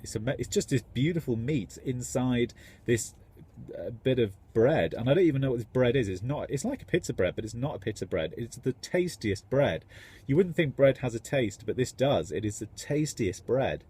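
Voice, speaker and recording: A man's voice: mid-range voice, expressive, moderate pace, warm tone, slight background noise. A man, a tradesman, rambling enthusiastically in a casual vlog. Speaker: tradesman contractor.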